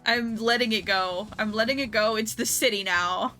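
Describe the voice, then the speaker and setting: A woman's voice: a little high, moderate pace, sharp tone, faint music behind. A young woman streaming a game, chatting casually with her audience, swearing freely and laughing often. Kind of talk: casual let's-play chat.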